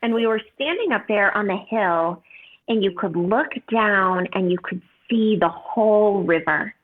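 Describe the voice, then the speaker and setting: A woman's voice: mid-range voice, measured pace. A woman in her thirties telling a personal story as a podcast guest, earnest and heartfelt, with many casual fillers. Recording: tinny phone-like line.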